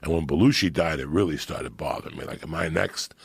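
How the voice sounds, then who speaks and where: A middle-aged man telling loud, profane, laughing stories as a podcast guest. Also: very deep voice, a little fast, husky, dry recording. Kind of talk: profane storytelling chat.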